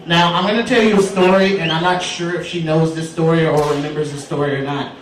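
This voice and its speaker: A man hosting a comedy show, doing loud, teasing, profane crowd work before bringing up the headliner. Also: on the high side, steady tone, quick pace, few pauses. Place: large comedy room with live audience. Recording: echoey room, far off, crowd noise.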